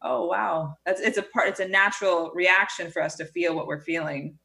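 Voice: medium pitch, steady tone, fairly quick, pushed and bright. A podcast host in casual conversation, asking friendly, rambling questions and agreeing often. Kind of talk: casual interview talk.

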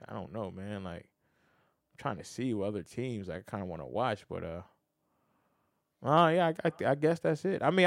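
A man hosting a podcast, talking sports casually, animated, swinging between loud and soft and often restarting his sentences. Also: mid-range voice, vocal fry, no echo. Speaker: podcast host.

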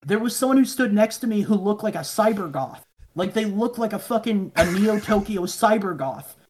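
A man's voice: high voice, expressive, moderate pace, darkish tone, a little hiss or hum. A man, a podcast guest, telling rambling stories in casual chat, swearing often and mumbling the voices of people he quotes.

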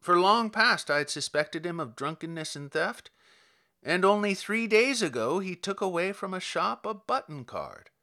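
Male reader as chatty, deferential policeman, raised and bright, lively rises. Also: high voice, moderate pace, voice pushed up, full character voice. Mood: courteous. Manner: courteous, long-winded. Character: polite, rambling middle-aged male police officer.

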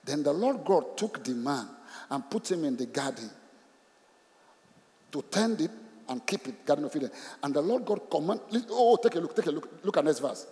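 A man preaches with a high, lively voice that swings widely in pitch. He repeats himself for emphasis and keeps asking the congregation questions, breaking into laughs. His voice rings through the long reverb of a large hall. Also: moderate pace. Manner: animated, repeats phrases, asks the congregation questions, laughs often. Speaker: pastor. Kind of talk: sermon.

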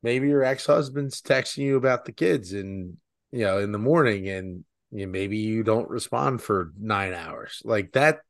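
A man's voice: lowish voice, a little slow, no room sound, clean studio sound. A man co-hosting a podcast in casual chat, rambling with lots of filler words. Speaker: podcast co-host.

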